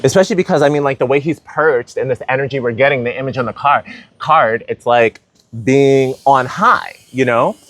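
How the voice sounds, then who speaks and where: A man giving a casual spiritual tarot reading, animated and playful, thinking aloud with lots of "like" and "you know". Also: mid-range voice, no room sound. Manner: animated, playful, many fillers like "like". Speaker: tarot reader.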